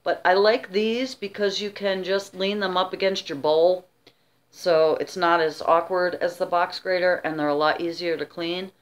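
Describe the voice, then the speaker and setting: Chatty middle-aged woman, slightly low voice. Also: fairly even intonation, normal speed. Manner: rambling and chatty, with many asides and restarts. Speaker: vlogger showing her auction haul. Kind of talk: casual show-and-tell chat.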